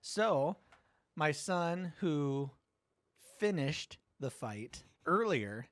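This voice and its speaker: A middle-aged man hosting a podcast, telling a story in casual chat, animated, swearing and acting out quotes. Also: on the high side, drawn-out words, no room sound, clean studio sound. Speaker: podcast host.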